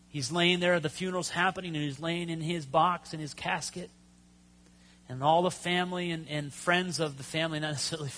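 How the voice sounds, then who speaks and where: A man preaching a sermon, telling stories with pauses and sudden loud emphasis. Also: a little high. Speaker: pastor.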